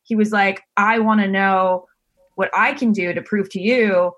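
Lady guest on a chat podcast, earnest, mid-pitched voice. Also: fairly even intonation, measured pace, a bit bright, lo-fi sound. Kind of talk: casual chat.

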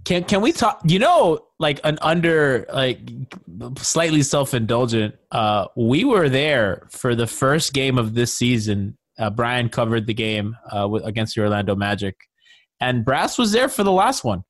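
Animated man hosting a sports podcast. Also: medium pitch, unhurried, no echo. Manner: animated, excitable, laughs a lot. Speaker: podcast host. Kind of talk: casual sports chat.

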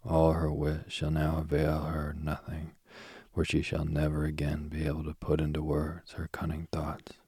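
Man whispering an angry goddess queen, husky and very low, storybook read-aloud. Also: completely flat delivery, normal speed, hardly any pauses, darkish tone, no room sound, clean studio sound. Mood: wrathful. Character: wrathful queen goddess, woman, imperious.

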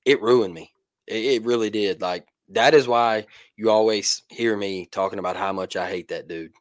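Man, hoarse voice, animated sports podcast chatter, quick laughs, dry close mic. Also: fairly low pitch, no echo. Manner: excited, laughs often. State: hoarse, losing his voice. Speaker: podcast co-host. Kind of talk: casual sports talk.

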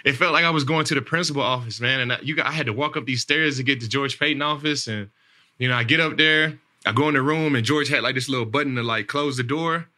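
A man's voice: medium pitch, fast, pushed and bright. A man in his thirties hosting a podcast, telling a story in a rambling casual way, repeating words and saying "man" and "like" a lot. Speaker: podcast host, NFL player.

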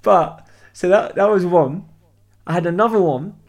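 A young man tells stories in a casual podcast chat. His voice sits a little high, and he acts out the people in his stories with plenty of swearing. He talks in a loose, animated way. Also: normal speed. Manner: animated anecdote-telling with acted-out quotes and heavy swearing. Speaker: podcast co-host.

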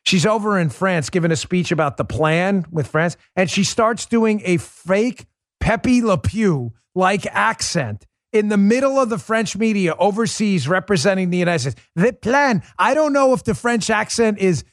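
A man's voice: sits high, animated, normal speed, dry recording, studio quality. A man hosting a political talk show, delivering an emphatic, sarcastic monologue full of rhetorical questions.

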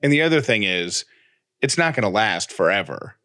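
A man's voice: on the low side, big pitch swings, moderate pace, pushed and bright, no room sound, studio quality. Wry, reassuring man co-host. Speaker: podcast co-host. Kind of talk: casual chat.

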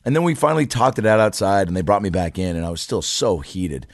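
A young man spins a long bar story in relaxed, profane talk. His voice sits low, and it jumps higher when he acts out what people said. The sound is dry and close, with no room around it. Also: quick pace, no room sound. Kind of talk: casual storytelling.

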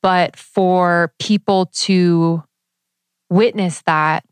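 A woman's voice: fairly low pitch, steady tone, clear, resonant tone, no room sound. A young woman co-hosting a podcast, talking openly and thoughtfully in a casual way. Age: young adult. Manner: reflective, open, many fillers and pauses. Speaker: podcast co-host. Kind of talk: casual chat.

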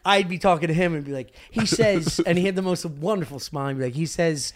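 Loud, laughing man telling stories. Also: fairly high pitch, fast talker. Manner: loud, laughing storyteller, swears freely. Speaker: podcast host. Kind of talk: casual comedic chat.

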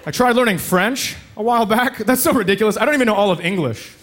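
A man's voice: high voice, fast talker, background noise. A man doing a stand-up set in a comedy club, sarcastic and acting out voices. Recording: live club with loud crowd laughter. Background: audience laughter.

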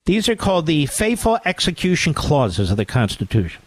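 A man's voice: fairly high pitch, sing-song, brisk, no room sound. A man hosting a talk radio show, delivering a combative, sarcastic monologue and mocking others in put-on voices.

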